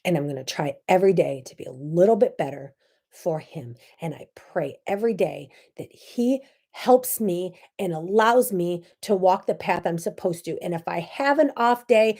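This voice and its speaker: A woman hosting a faith talk show, preaching to camera in a fiery, candid way that swings between loud outbursts and hushed asides. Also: fairly low pitch, animated, moderate pace. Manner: candid and self-deprecating.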